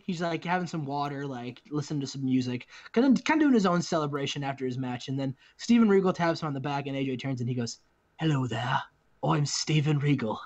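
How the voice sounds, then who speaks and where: Man, high voice, casual gaming co-host, rambling storyteller, dull lo-fi mic. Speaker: guest co-host.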